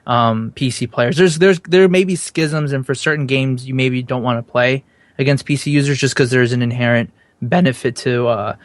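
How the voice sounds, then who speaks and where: A man's voice: mid-range voice, fairly even intonation, normal speed, no room sound. A man co-hosting a podcast, laying out his views in long explanatory turns in casual talk. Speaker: podcast co-host.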